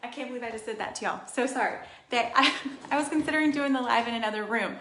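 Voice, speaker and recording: A woman in her thirties rambles cheerfully through a live makeup tutorial, reading out viewer comments as she goes. Her voice sits a little high for a woman. The room around her sounds roomy and echoey, picked up by a camera in front of her. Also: fast, fairly bright tone, slight background noise. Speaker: beauty livestream host. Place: room in her home, indoors. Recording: roomy echo of a home room.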